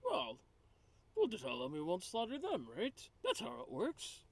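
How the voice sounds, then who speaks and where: A man's voice: very high-pitched, huge pitch swings, normal speed, vocal fry, voice pushed up, heavily acted. A man voicing a naive, cheerful male adventurer with a folksy, chipper way of talking.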